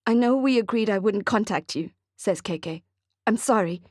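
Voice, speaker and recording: A woman's voice: mid-range voice, moderate pace, no room sound, clean studio sound, natural voice. A woman reading the part of a tearful, desperate woman, emotional and pleading.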